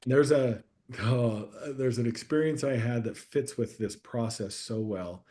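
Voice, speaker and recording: A man guest on a conversational podcast, sharing a personal story in a reflective, steady way that grows animated at times. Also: medium pitch, unhurried. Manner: reflective, warm storyteller who gets animated in anecdotes. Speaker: guest coach.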